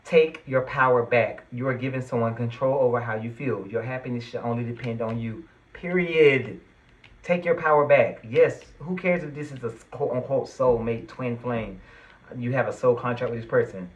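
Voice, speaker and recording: A man of middle pitch gives a tarot reading straight to his viewers. He talks in an earnest, reassuring way and turns emphatic when he feels strongly. The sound is a little dull and lo-fi. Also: steady tone, fairly quick, a little mellow. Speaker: tarot reader.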